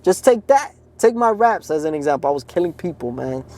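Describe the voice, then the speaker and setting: A podcast co-host with a high-ish, darkish voice shares his faith testimony quickly and very animatedly. He tells it in an earnest, casual way, constantly saying "like" and "man."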